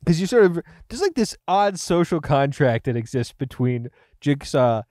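A young man co-hosting a comedy podcast in casual chat, animated and acting out silly voices. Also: on the high side, moderate pace, no room sound, studio quality. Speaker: podcast co-host.

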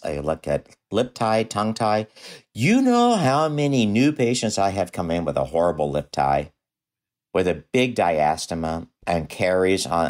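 An older man, appearing as a dentist guest on a podcast interview, tells patient stories in an animated way. His pitch leaps high whenever he acts out what people said.

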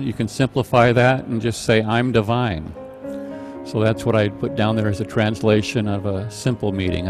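A middle-aged man teaching a live online meditation class, calmly explaining a chant with patient, halting restarts. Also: lowish voice. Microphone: video call microphone.

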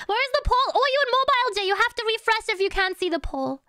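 A woman's voice: extremely high pitch, big pitch swings, a little fast, bright, forceful tone, no room sound, studio quality. A woman live-streaming in casual chat, greeting and thanking viewers one by one and humming little nonsense syllables between sentences.

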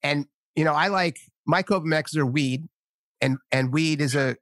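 A man's voice: a little high, moderate pace, a bit bright, dry recording, clean studio sound. A man hosting a podcast in casual chat, telling stories with animation and laughing often. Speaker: podcast host.

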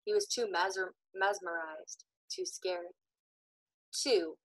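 Bright, dramatic woman narrator. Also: mid-range voice, measured pace, dry recording, rough recording. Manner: dramatic, shifting between loud tension and hushed suspense. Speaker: audiobook narrator. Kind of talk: expressive audiobook narration.

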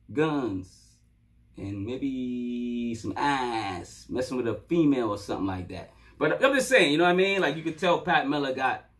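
Seated at his computer at home, a man chats through a hip-hop mixtape review in a relaxed, loose way, dropping playful asides and "you know what I'm saying." His voice is medium in pitch and a bit bright.

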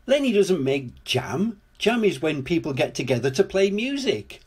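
An excited, starstruck storybook steamroller who rumbles along with big enthusiasm, pitched above an older storyteller's voice. The husky reader gives him loud, drawn-out exclamations. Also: male voice. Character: enthusiastic male steamroller, music fan, rumbling.

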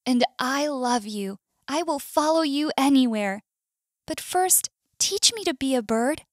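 A woman with an American accent voicing a gentle, loving female whale in a storybook, earnest and playful. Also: high voice, expressive, unhurried, no room sound, studio quality, pitched above the performer's own voice. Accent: US English.

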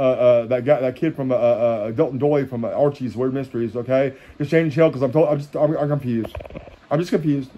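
On a muffled recording with a little hiss or hum, a man with a fairly high voice jokes his way through kids' cartoons while switching channels. Playful and jokey, this cartoon commentator hums theme tunes and breaks into snatches of song.

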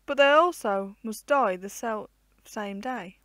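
A woman's voice: a little high, takes it slowly, fairly bright tone, no room sound. A woman voicing an aged, lonely, poor male hermit who clings to life, in solemn old-fashioned storybook speech.

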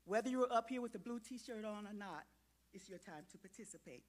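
A woman's voice: mid-range voice, lively intonation, brisk, darkish tone. A woman giving a children's sermon in a church, coaxing and interactive as she asks the kids questions and gets them to join in. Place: church sanctuary.

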